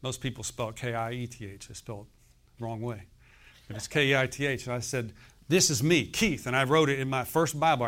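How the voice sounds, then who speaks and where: This sixty-something man speaks at a medium pitch with a slightly bright tone. Preaching as a pastor, he's emphatic and frequently puts questions to the congregation so they'll respond.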